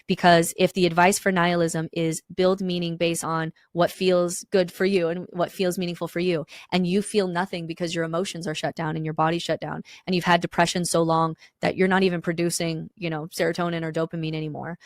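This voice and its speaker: Podcast host, woman, quick and frank, low voice, close dry sound. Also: little pitch movement, dry recording. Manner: candid, reflective, occasional swearing. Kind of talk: casual discussion.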